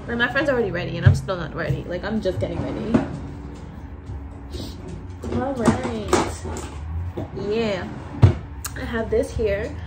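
On poor audio, a medium-pitched young vlogger chats to her camera as she gets ready at her vanity at home. She's candid and casual, rambling through the get-ready-with-me talk and swearing now and then.

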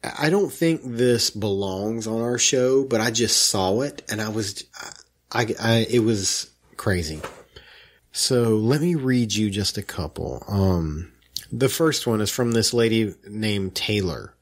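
A man co-hosting a casual chat podcast, telling a story with animated indignation. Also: on the low side, a little slow. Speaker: podcast co-host.

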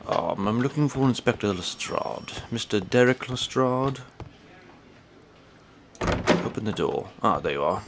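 A man's voice: on the low side, expressive, measured pace, long pauses, background noise. A man casually commenting while playing a game, rambling, swearing and talking to himself. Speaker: gameplay commentator. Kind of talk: casual let's-play commentary.

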